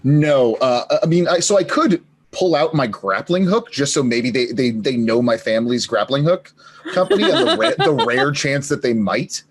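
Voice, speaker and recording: Man, player, husky voice, lively pitch, hesitant, punning. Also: normal speed. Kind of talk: tabletop role-play chat.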